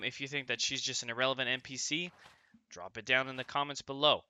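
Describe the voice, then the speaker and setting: Bright-voiced young man narrating gameplay. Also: medium pitch, fairly even intonation, fast, clear, resonant tone. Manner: chatty, jokey, asks viewers "right?". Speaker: gaming channel host. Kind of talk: casual gameplay commentary. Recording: voice-over with game music behind.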